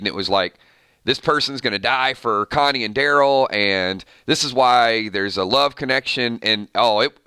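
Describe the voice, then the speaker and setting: A man's voice: medium pitch, pushed and bright, clean tone, no room sound, studio quality. A man hosting a casual live stream with his morning voice, rambling through viewer comments with fillers and restarts. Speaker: YouTube channel host.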